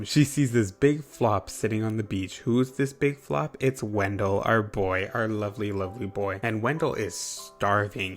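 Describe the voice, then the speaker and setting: Low-voiced man giving a chatty sarcastic recap. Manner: chatty, sarcastic, swears casually. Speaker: video creator recapping a film. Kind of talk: casual commentary recap. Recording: faint music behind the voice.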